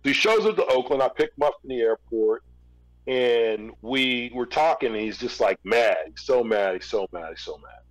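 A man in an interview, casually telling a long story with relaxed restarts. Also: mid-range voice, normal speed, no echo, rough recording. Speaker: interview guest, former record label executive.

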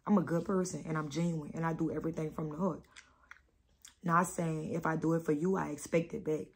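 New mom vlogging, low husky voice, rambling and candid. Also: female voice, steady tone. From New Orleans. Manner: candid, rambling, slow with many pauses. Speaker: vlogger, mother. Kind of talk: emotional casual vlog talk.

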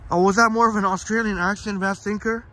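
Male stream host, slightly high voice, relaxed outdoor walk-and-talk, light street ambience. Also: fast talker, a little hiss or hum. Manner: chatty, reads viewer comments aloud by name. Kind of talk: casual live-stream walk chat. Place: outdoors in a park, walking. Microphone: phone on a live stream.

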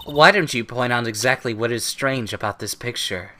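A man's voice: mid-range voice, moderate pace, pushed and bright, natural voice. A man reading as a haughty female prosecutor. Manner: condescending, cold. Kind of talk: reading game dialogue aloud.

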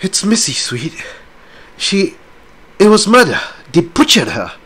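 A man's voice: sits high, sing-song, unhurried, fairly bright tone, breathy edge, voice pushed up, heavily acted. A man reading aloud, voicing a distraught female dwarf who stammers through tears, breathless and shaken.

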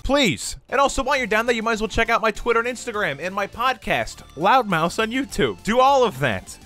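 A young man hosting a comedy video with friends, talking loud and energetic and rattling through his outro. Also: high voice, brisk, soft background music. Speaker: host reading posts with friends. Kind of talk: casual comedic chat.

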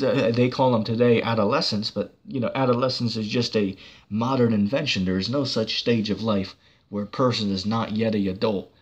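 A man's voice: on the low side, husky. A man preaching on a church channel in a heated, combative monologue, cursing and mocking the person he argues against.

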